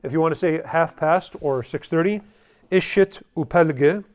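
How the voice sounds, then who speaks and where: A man's voice: fairly high pitch, a little fast, smooth. A man teaching a language class, blunt and joking, drilling students to repeat after him. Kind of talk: classroom lesson.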